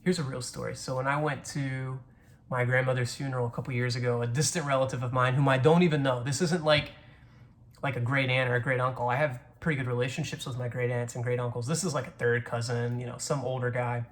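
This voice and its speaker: Fast and steady in tone, this medium-pitched man tells a rambling, profane storytelling monologue, frequently starting sentences over. He's in his twenties and hails from the American South.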